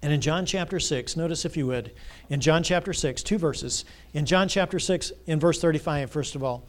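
A male pastor preaching a Sunday sermon, asking the congregation to fill in words and building to loud, emphatic passages. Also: fairly high pitch, moderate pace. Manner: call-and-response questions, rising to loud emphatic preaching. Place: church sanctuary. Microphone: church sound system mic.

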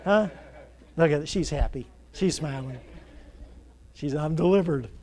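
A man preaching in a church with a voice pitched a little above the usual. He asks the congregation to fill in his words and swells to loud, emphatic preaching. His delivery is earnest and insistent. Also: unhurried. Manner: call-and-response questions, rising to loud emphatic preaching. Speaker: pastor. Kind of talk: sermon. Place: church sanctuary. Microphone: church sound system mic.

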